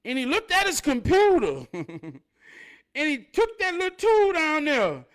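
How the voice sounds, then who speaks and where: A man gives a motivational monologue, telling stories and preaching, sometimes loud, sometimes low. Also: huge pitch swings, unhurried. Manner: preachy, storytelling, swings from loud to near-murmur. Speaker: motivational speaker.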